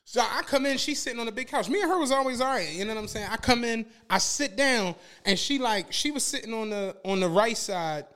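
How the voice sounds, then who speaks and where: A podcast co-host with a very high voice tells a story in casual chat, talking fairly quickly with few pauses. He's an animated storyteller who acts out the quotes.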